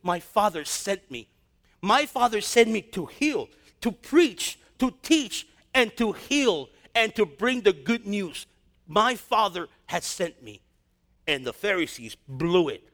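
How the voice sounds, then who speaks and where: A male pastor preaching a sermon, reading scripture and breaking into lively, slangy asides and acted-out dialogue. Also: sits high, slow pace.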